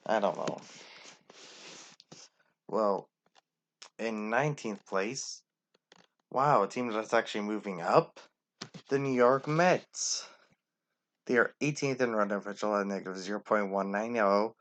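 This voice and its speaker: A man's voice: on the low side, unhurried, long pauses, fairly bright tone. A man giving casual, opinionated rankings commentary and talking straight to the teams. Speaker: sports commentator.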